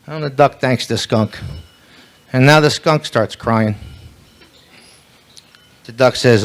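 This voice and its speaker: A man's voice: medium pitch, takes it slowly, long pauses. A man telling bawdy roast jokes at a live banquet event, rambling through setups and losing his place now and then. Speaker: roaster, emcee. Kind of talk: comedy roast joke-telling.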